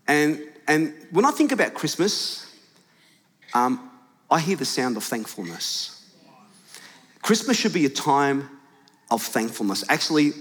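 Male pastor, slightly higher voice, casual, chatty sermon, long church hall reverb. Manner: conversational, with fillers and restarts. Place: large church auditorium.

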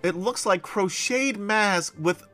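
A man's voice: high-pitched, takes it slowly, fairly bright tone, faint music behind. A man running a tabletop role-playing game over voice chat, narrating loosely and laughing often. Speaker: game master.

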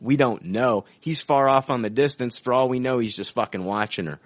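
A man co-hosting a podcast, talking excitedly about a film trailer and swearing casually. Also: mid-range voice, brisk, no echo. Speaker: podcast co-host.

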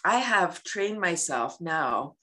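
Woman interview guest: bright, animated and expressive, breaks into laughter, plays out everyday moments. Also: on the low side, takes it slowly. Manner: animated, laughs often, acts out everyday scenes. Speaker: guest, laughter yoga advocate. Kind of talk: casual interview talk.

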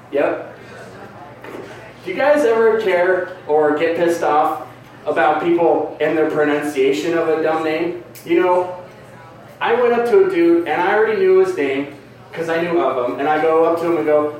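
A man's voice: a little high, moderate pace, a little mellow. A man doing a crude, rambling, self-mocking stand-up comedy set on a club stage. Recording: echoey live club recording from a distance.

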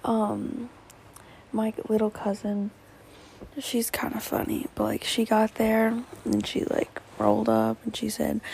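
A woman's voice: a little high, completely flat delivery, slow pace, gravelly, a little mellow, breathy edge, low-quality recording. A teenage girl hosting a solo podcast, rambling with lots of fillers and often dropping to a whisper, a little tearful. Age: teens. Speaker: podcast host.

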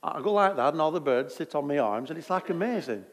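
A man putting on a comfy, moaning prophet who rambles on in a broad voice. He sounds a touch high and grumbles like a put-upon neighbour in a big echoing hall. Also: expressive, fast. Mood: grumbling. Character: grumbling, chatty male prophet, comfy and complaining.

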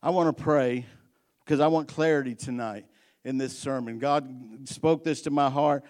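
A man's voice: medium pitch, moderate pace. A male pastor giving a midweek sermon in a church, chatting folksily between readings and rising to fervent preaching. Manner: rises to fervent, loud preaching when reading and praying. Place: church sanctuary.

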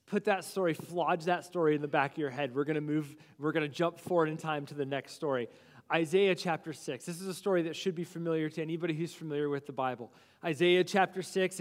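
Pastor, male, high voice, lively sermon with acted-out asides, big reverberant church room. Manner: animated, acts out biblical figures' objections in quick asides. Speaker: lead pastor. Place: church sanctuary.

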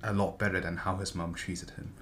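A man's voice: sits low, little pitch movement, fairly quick, fairly bright tone. A man in casual chat about a book, hesitant and thinking aloud as he talks. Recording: faint background noise.

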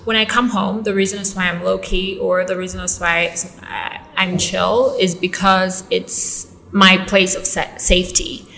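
A woman's voice: mid-range voice, flat delivery, a little slow, gravelly, hardly any pauses, fairly bright tone, a little hiss or hum, poor audio. A young woman from Uganda, an actress and model, talking candidly and thoughtfully as an interview guest. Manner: thoughtful, candid, many fillers. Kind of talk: reflective interview talk.

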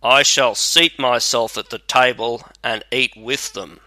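A man's voice: medium pitch, steady tone, a little slow, sharp tone, no echo, rough recording. A man voicing a bold, hungry soldier with a hearty, plainspoken manner in a storybook reading. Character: hungry bold male soldier, fearless and blunt.

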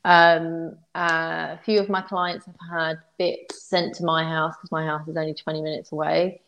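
A woman's voice: deep voice, level tone, normal speed, a bit bright, a little hiss or hum, rough recording. A woman co-hosting a podcast in casual chat, frank and rambling with ums. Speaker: podcast co-host and stylist.

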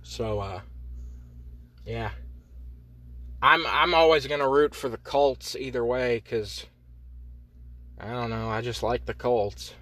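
A man from Indiana rants alone on his podcast, swearing freely and wandering from topic to topic with sarcastic asides. His voice is bright and forceful at an average pitch. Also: slow pace, long pauses. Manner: profane, rambling, sarcastic. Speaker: podcast host. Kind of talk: solo comedy podcast rant.

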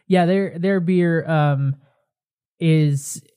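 A man co-hosting a beer podcast in casual chat, easygoing and halting as he talks. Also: a little high, dark tone, smooth. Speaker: podcast co-host.

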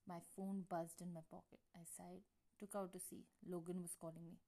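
A woman's voice: lowish voice, level tone, normal speed, dark tone. Woman reading a story in first person. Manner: first-person narration with casual slips and restarts. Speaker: reader. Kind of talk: reading fan fiction aloud.

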